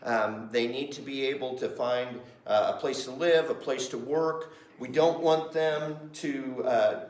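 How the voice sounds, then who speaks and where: Animated man teaching in a roomy church room. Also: mid-range voice. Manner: animated, conversational, asks the class questions. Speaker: pastor teaching Sunday School. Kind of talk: Sunday School teaching. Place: church classroom. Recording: roomy echo.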